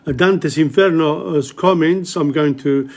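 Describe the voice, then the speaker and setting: Guy hosting a live online lesson, kinda high voice, lots of pauses hunting for words, drifts off topic. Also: a little mellow. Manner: halting, stops often to search for words; switches between English and Italian. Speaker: host and presenter of a live-streamed literature lesson. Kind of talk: live-streamed lecture, casual and digressive.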